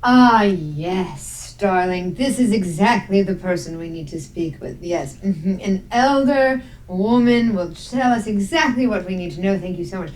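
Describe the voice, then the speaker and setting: A woman's voice: mid-range voice, lively intonation, measured pace, few pauses, a little mellow, close to an everyday voice, rough recording. A woman voicing a gracious, refined adventurer in a tabletop game.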